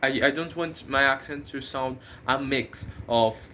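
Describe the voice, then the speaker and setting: A man's voice: mid-range voice, a little slow, bright, forceful tone, slight background noise. A man who is not a native English speaker, hosting his own channel and thinking aloud in a casual vlog, with many fillers and restarts. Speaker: channel host.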